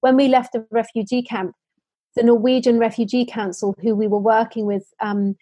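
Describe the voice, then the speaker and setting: A woman's voice: on the high side, little pitch movement, moderate pace, warm tone, no echo. A woman from the United Kingdom, a social enterprise founder, answering interview questions in earnest stories full of restarts and fillers.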